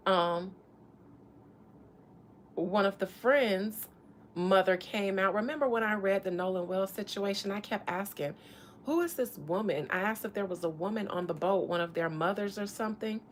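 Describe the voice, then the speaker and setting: A woman's voice: mid-range voice, normal speed, a little hiss or hum. A woman from Florida doing a loose, profane psychic reading in casual livestream chat from a hot room in an old house. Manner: loud, laughing, profane banter. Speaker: psychic reader.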